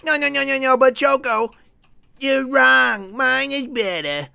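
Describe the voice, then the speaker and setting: A man's voice: very high voice, a little slow, vocal fry, pushed and bright, clean tone, voice pushed up, heavily acted. A man voicing a whiny, insistent know-it-all gamer. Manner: whining and insistent.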